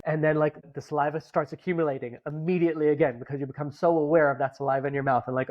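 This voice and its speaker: A man telling a personal story in a casual, animated way, acting out his own inner voice. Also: a little high, quick pace, few pauses, dull audio.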